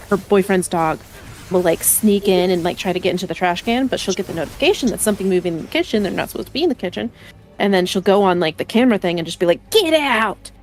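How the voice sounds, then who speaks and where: A woman's voice: medium pitch, a little mellow. A young woman with a mid-range voice chats casually while she games, telling rambling anecdotes and laughing often. She talks into a desk microphone. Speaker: streamer. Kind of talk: casual chat while gaming.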